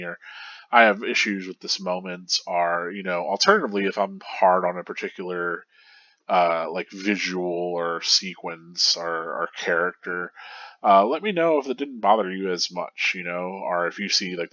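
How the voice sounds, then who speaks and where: Low-voiced congested man musing on manga. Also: pushed and bright, no echo, muffled recording. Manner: rambling, thoughtful, with many fillers and restarts. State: stuffy and congested. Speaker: manga review host. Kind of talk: casual analysis monologue.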